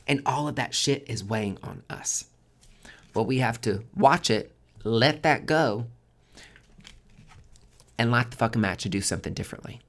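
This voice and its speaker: Hosting a monthly tarot forecast, a man delivers a casual spoken monologue, swearing constantly and hammering points home through emphatic repetition. His voice is medium in pitch with a fairly bright tone.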